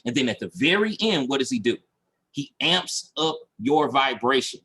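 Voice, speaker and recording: A man coaching a training session over a video call, animated and repeating his points for emphasis. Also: mid-range voice, normal speed, breathy edge. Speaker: marketing coach. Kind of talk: recorded online training session.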